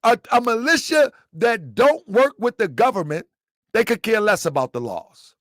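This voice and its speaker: Emphatic high-voiced man hosting commentary. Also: sing-song, moderate pace, a bit bright, dry recording. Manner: emphatic, repeats points, quizzes listeners. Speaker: commentary channel host. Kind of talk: live commentary to viewers.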